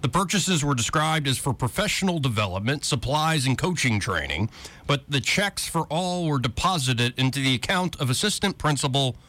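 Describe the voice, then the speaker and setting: A man hosts a talk radio show, reading a news story aloud and pausing for sarcastic, amused jabs. His voice is bright and lively, with a pitch that rises and falls freely.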